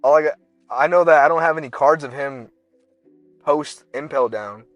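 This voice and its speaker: A man's voice: a little high, normal speed, no room sound, highs cut off, faint music behind. A young man co-hosting a podcast, telling a long story in casual slang and acting out characters in bursts. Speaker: podcast co-host. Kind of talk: casual chat.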